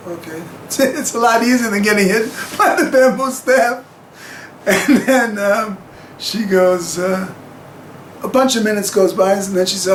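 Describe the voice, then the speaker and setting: A man's voice: high-pitched, moderate pace, reverberant, a little hiss or hum, rough recording. A man telling a personal story to camera in a rambling, chuckling way with plenty of fillers.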